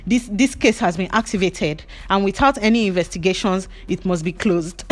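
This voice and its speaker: A woman's voice: medium pitch, moderate pace. Chatty Nigerian woman telling gossip. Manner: animated, chatty gossip with pidgin fillers. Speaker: hairdresser vlogger. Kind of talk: storytelling while braiding.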